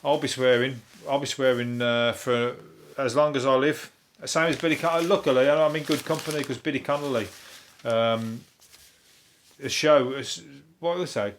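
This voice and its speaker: A man's voice: mid-range voice, fairly even intonation, moderate pace, a little hiss or hum. An English man hosting a comedy podcast, chatting casually in a rambling way, swearing freely and chuckling often.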